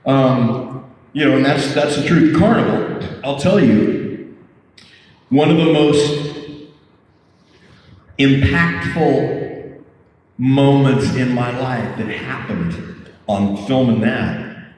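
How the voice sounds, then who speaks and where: A man, a guest actor at a fan panel, telling a profane, animated story and stumbling over repeated words. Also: mid-range voice, takes it slowly, pauses often. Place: convention hall. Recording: echoey hall, distant mic, faint hum.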